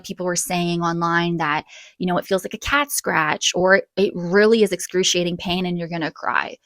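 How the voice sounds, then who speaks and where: A young woman telling a casual storytime vlog, chatty and animated, with quick bursts and gasps. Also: lowish voice, no echo. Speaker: vlogger.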